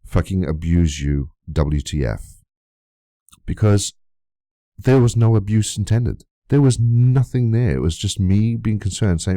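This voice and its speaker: A man's voice: on the low side, animated, unhurried, mellow, dry recording, clean studio sound. A man giving a vlog rebuttal, reading out old messages and asking again and again where the abuse is, indignant and swearing freely. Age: adult, long friendship of nearly twenty years. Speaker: YouTuber.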